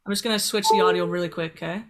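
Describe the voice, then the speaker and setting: A woman's voice: on the low side, steady tone, racing, slight background noise. A woman guest, a singer-songwriter, chatting casually and easily over a video call, sometimes apologetic. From Canada. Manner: chatty, apologetic, laid-back.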